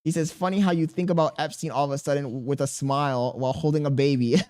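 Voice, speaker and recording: A man's voice: a little high, fast talker. A man live streaming, reading his chat aloud and bantering back in profane, slangy talk. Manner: slangy and animated.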